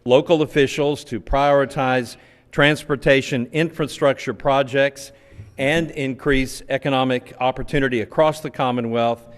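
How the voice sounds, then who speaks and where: A man's voice: medium pitch, steady tone, moderate pace. West Kentucky man reading a letter. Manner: formal reading with "uh" fillers. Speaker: state transportation field representative. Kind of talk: reading a letter aloud at a public meeting. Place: county courthouse meeting room. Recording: long reverb of a courtroom.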